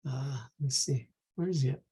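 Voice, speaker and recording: A man's voice: medium pitch, fairly quick, warm tone, husky. A man thinking aloud and rambling as he leads a live drawing lesson. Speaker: art instructor.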